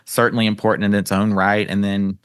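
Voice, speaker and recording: An upbeat, chatty podcast host with a light North Carolina Southern accent and a lowish voice. He affirms his guest often and talks with easy enthusiasm, close to a dry mic. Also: level tone, fairly quick, fairly bright tone, clean tone, no room sound. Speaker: podcast host, flirt coach. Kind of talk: casual interview chat.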